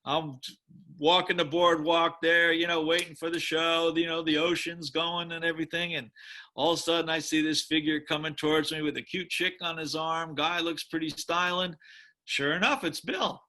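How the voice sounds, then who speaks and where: Animated storytelling man with a bright voice. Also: on the high side, normal speed. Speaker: musician and drummer. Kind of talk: storytelling interview.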